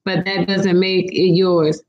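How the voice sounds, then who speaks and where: A woman's voice: on the low side, little pitch movement, slow, a little mellow, reverberant, highs cut off. A woman hosting a casual livestream, reading viewer comments aloud and talking back to her audience with a sassy, laughing manner.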